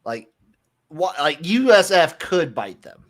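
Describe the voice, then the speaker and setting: A man's voice: on the high side, very animated, takes it slowly, fairly bright tone. A man co-hosting a casual sports podcast, laid-back and opinionated as he talks through college football picks. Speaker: podcast co-host. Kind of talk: casual sports betting chat.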